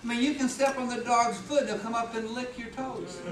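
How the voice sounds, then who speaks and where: A man's voice: very high-pitched, a little fast, fairly bright tone. A middle-aged man gives a humorous motivational talk at an office meeting, telling stories and acting out voices and sounds. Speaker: speaker at a business meeting. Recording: echoey room, far from mic, background noise.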